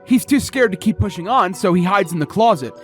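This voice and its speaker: A man's voice: sits high, animated, fairly quick. A young man narrating a scripted game retrospective with wry, self-deprecating commentary. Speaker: video essay narrator. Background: faint background music.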